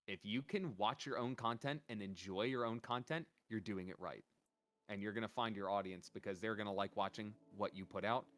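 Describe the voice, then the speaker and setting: A man's voice: fairly low pitch, a bit bright. A man who is a guest on a casual interview, giving earnest advice in a loose, rambling way with many fillers. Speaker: guest, VTuber.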